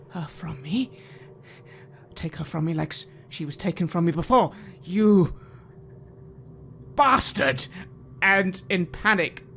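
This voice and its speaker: A man playing a desperate widowed scientist in first person, halting and anguished, breaking into rage. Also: sits high, gravelly, bright, forceful tone, slight background noise, exaggerated voice. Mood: enraged. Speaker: player. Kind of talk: in-character first-person roleplay.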